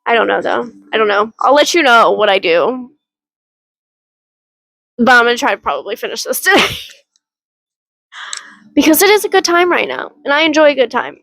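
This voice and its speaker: A fairly high-voiced woman recording a casual book vlog, talking in a loose, rambling way and laughing often between thoughts. Her voice sits close and dry, with almost no room sound around it. She swears freely. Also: big pitch swings, normal speed, pauses often, fairly bright tone, no room sound, poor audio. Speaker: book vlogger. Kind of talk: casual reading vlog update.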